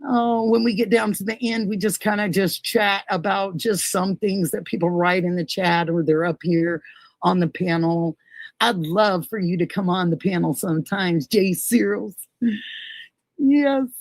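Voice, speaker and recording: A woman's voice: on the low side, vocal fry, dry recording, low-quality recording. A middle-aged woman hosting a casual livestream, reading viewer comments aloud and gushing thanks to each person by name. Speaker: livestream host.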